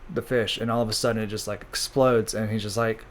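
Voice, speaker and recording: A man's voice: fairly low pitch, fairly even intonation, brisk, a little hiss or hum. A man casually recapping comic chapters in a rambling way, with many fillers and crude jokes. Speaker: channel host recapping manga.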